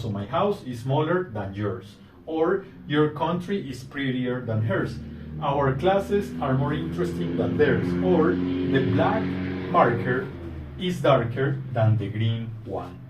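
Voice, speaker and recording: A man giving a recorded grammar lesson, explaining deliberately step by step and repeating simple examples. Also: mid-range voice, darkish tone. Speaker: English teacher. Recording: echoey room, mic at a distance, faint noise.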